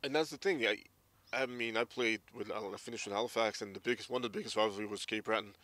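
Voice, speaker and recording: A man's voice: lowish voice, fast, a bit bright, no room sound. A man around forty, a former hockey player, candidly recounting his memories in an interview. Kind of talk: casual interview storytelling.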